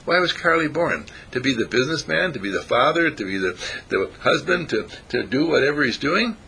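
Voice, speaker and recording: A man's voice: mid-range voice, sing-song, a little fast, creaky, bright, forceful tone, breathy edge. A man giving an informal spiritual talk to a small group, asking his listeners questions and chuckling often. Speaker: spiritual teacher.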